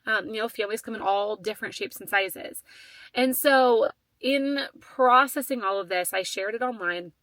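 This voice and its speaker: A woman in her thirties hosting a podcast, telling a personal story in a casual, animated way with lots of fillers and quoted back-and-forth. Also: mid-range voice, moderate pace, dry recording. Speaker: podcast host.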